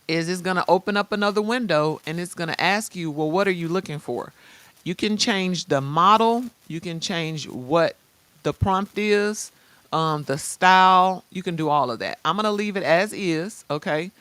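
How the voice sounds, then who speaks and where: A woman hosting a live-streamed software tutorial. She chats casually in slang and talks straight to her viewers. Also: on the low side, moderate pace, no echo. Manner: lively, chatty, addresses viewers directly. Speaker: host.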